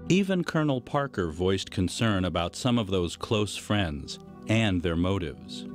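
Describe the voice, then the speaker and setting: Deep guy doing doc narration, steady and measured, faint music under it. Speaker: documentary narrator. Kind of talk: scripted narration.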